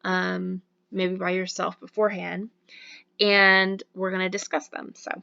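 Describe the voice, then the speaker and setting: A woman's voice: fairly low pitch, flat delivery, a little slow, vocal fry, sharp tone, lo-fi sound. A woman giving a recorded university lecture on voice and diction, explaining with frequent fillers.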